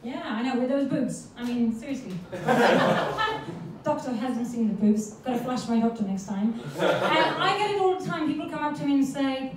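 A woman's voice: high voice, lively intonation, moderate pace, background noise. A woman, doing a brash, profane, self-mocking stand-up comedy set on a club stage. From Poland. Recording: echoey club room, far from mic, audience laughter.

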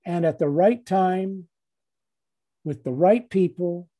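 A man gives a reflective dharma talk at a very slow, deliberate pace. His voice is deeply mellow and dark, with a husky edge. He repeats phrases and lets long pauses settle between them. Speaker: guest speaker giving a dharma talk.

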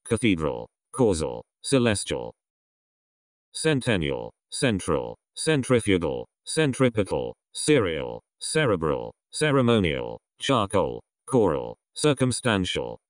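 A man's voice: deep voice, huge pitch swings, slow pace, no echo, clean studio sound. A man reading English vocabulary words aloud one at a time, in evenly spaced single words. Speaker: vocabulary reader. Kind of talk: reading word lists aloud.

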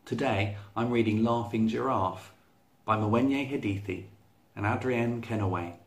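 Slow, gravelly male storyteller in an echoey room. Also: lowish voice. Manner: slow, clear, expressive read-aloud. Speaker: storyteller reading to children. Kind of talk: reading a picture book aloud.

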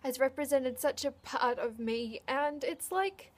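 A woman with a high voice speaks unscripted straight to camera, tearful and choked up. She halts often and restarts her sentences as the emotion catches her. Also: a little slow. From Australia. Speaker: vlogger.

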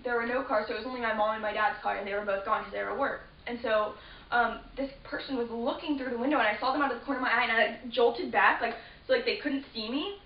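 A woman's voice: fairly high pitch, fast talker. A teenage girl telling a story to camera in a rambling, casual way, full of fillers and restarts. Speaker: vlogger. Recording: roomy, distant, dull lo-fi with faint hiss.

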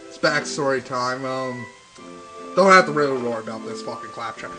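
A young man hosting a let's play, ranting and swearing in excitable, casual gaming commentary over faint game music. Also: mid-range voice, moderate pace.

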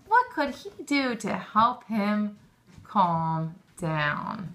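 A woman's voice: mid-range voice, expressive, extremely slow, sharp tone. A woman teaching a lesson to young children, encouraging them and praising often, with questions drawn out.

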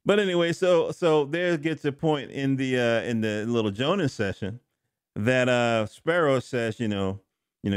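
Middle-aged male reviewer, casual rambling delivery, mid pitch, dry close sound. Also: expressive, moderate pace, smooth, no echo. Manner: rambling, self-correcting, joking asides. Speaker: comic book reviewer. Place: home studio.

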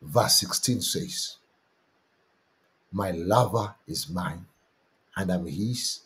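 A man preaching a sermon and telling a testimony in a slow, deliberate way with lots of repetition. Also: low-pitched, fairly bright tone.

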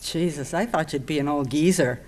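A woman's voice: low voice, moderate pace, darkish tone. A woman voicing a hard, dour former fighter who speaks in short lines. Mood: terse. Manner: terse, dour.

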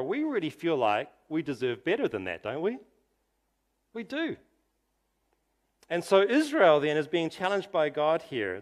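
A man preaching a sermon, emphatic and full of rhetorical questions, sometimes dropping to a soft, quiet tone. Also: a little high. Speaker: pastor.

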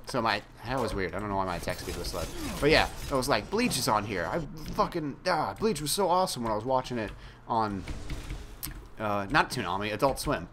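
Rambling young man, low voice. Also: animated, fairly quick, fairly bright tone, a little hiss or hum. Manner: rambling, self-mocking, casually profane. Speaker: gaming YouTuber. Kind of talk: casual chat while playing a game.

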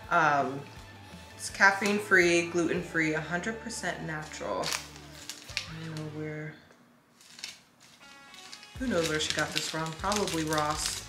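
A woman around thirty chatting casually on her vlog, loose and rambling, swearing offhandedly and drifting into side comments. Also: on the low side. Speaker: beauty vlogger and makeup brand owner. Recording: echoey room with music playing.

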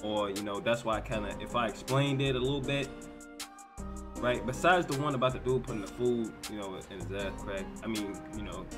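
A man's voice: on the low side, a little fast, music in the background. An American man hosting a casual reaction video, talking in disbelief, often repeating himself and tacking "bro" onto his lines. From United States. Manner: incredulous, repeats words and stumbles, says "bro" a lot.

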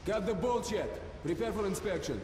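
A man's voice: sits high, lively intonation, moderate pace, darkish tone. An actor playing a harsh male soldier who barks authoritarian orders during an inspection in a video game. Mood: stern. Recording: game audio with background noise.

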